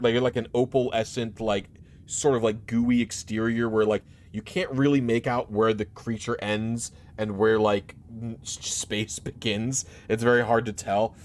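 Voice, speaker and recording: A man's voice: medium pitch, slight background noise. A man running a tabletop game as game master, narrating in a rambling, hesitant way with many fillers.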